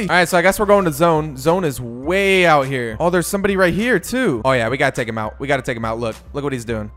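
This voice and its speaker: Young male gaming YouTuber, high-pitched, casual and excitable play-by-play. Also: quick pace, faint music behind. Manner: excitable, jumps to yelps at in-game moments. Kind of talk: casual gameplay commentary.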